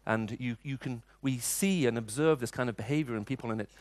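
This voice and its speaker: Man, middle-aged, preacher, storytelling sermon, dry close sound, mid pitch. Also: brisk, dry recording. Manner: storytelling, conversational, frequent restarts. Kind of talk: sermon with personal stories.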